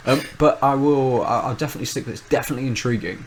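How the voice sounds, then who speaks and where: A man's voice: medium pitch, rapid-fire, a crowd in the background, low-quality recording. A man, co-host of a podcast, in casual chat, rambling and thinking aloud with many restarts.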